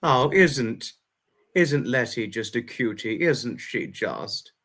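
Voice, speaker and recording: Giggly guy doing a livestream, reading out chat, slow and bright, keeps cracking up. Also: mid-range voice, expressive. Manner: giggly, laughs constantly between words. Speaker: livestream host. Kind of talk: casual chat reading viewer comments.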